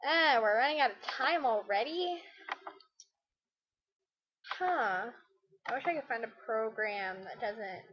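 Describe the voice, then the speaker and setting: A woman's voice: a little high, fairly bright tone, slightly rough, muffled recording. A woman chatting casually over her gameplay, rambling and poking fun at herself. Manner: rambling, chatty, self-deprecating. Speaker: let's play gamer.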